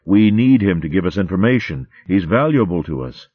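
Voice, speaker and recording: A man voicing a calm, steady male warrior mouse in a storybook. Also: sits low, brisk, slightly rough, no echo. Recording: phone-like dry audio.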